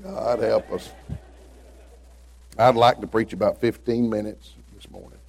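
A man's voice: lowish voice, fairly even intonation, a little slow, gravelly, slight background noise. A man from Middle Tennessee with a Southern accent, a visiting preacher telling folksy humorous stories in a sermon. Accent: Southern American, Tennessee. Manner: folksy storytelling, acts out quoted voices.

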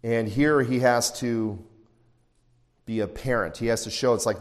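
A man's voice: medium pitch, normal speed. A middle-aged man preaching an expository sermon in a conversational, anecdotal way, with asides and chuckles. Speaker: pastor. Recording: long reverb in a large hall.

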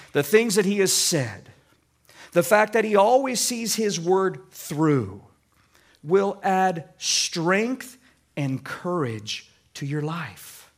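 Slow-preaching Midwestern pastor, higher voice. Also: male voice. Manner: deliberate preaching, slows to stress scripture quotes; conversational asides to congregation. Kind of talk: expository sermon.

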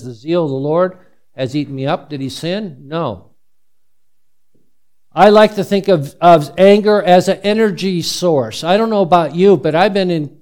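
Middle-aged male pastor, lively sermon delivery, questions the congregation, slightly high voice. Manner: animated, asks the congregation many questions.

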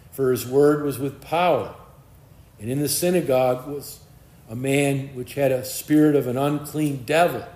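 A man preaching an expository sermon, reading scripture aloud and explaining it verse by verse in a measured teaching tone. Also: mid-range voice, a little mellow. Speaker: pastor. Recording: echoey room sound.

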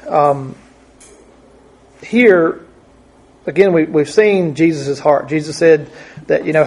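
A man's voice: fairly high pitch, takes it slowly, pauses often, a little mellow, slightly rough. A man preaching a conversational Bible teaching, thinking aloud and often repeating his words.

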